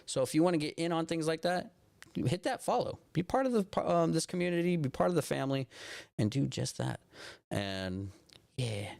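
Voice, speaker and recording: A man's voice: on the high side, lively intonation, moderate pace, creaky, a little mellow, dry recording. A man hosting a casual livestream from his phone, ranting about politics in a rambling way with lots of restarts and frequent swearing. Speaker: live stream host.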